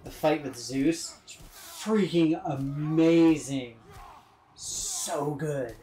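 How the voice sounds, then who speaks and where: Guy streaming a game, jokey and wisecracky, slow talker, echoey room. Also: fairly high pitch, dark tone, a little hiss or hum. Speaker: gaming streamer. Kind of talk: casual let's-play commentary.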